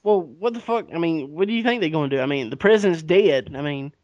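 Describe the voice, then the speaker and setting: A man's voice: a little high, quick pace, a little mellow, no echo. A man, casually retelling history on a podcast with profanity and acted-out dialogue. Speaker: podcast co-host. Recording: dull lo-fi recording.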